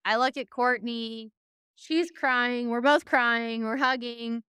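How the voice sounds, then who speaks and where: A woman's voice: fairly high pitch, fairly even intonation, takes it slowly, bright, forceful tone, clean tone, no echo, clean studio sound. A young woman, a horse trainer, tells a podcast interviewer a long, emotional story in a rambling way, full of fillers like "like" and "you know". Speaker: guest, reining horse trainer.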